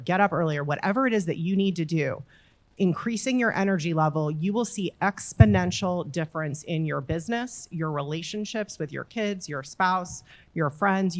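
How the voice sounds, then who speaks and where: A woman panelist giving earnest, emphatic motivational advice in a panel discussion. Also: fairly low pitch. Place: conference room with audience.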